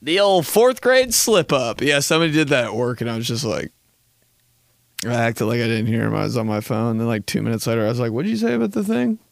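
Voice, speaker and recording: A man's voice: medium pitch, a little fast, creaky, no room sound. A young man in his twenties hosting a podcast, joking and rambling in a laid-back, casual way and swearing often. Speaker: podcast host. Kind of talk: casual comedic monologue.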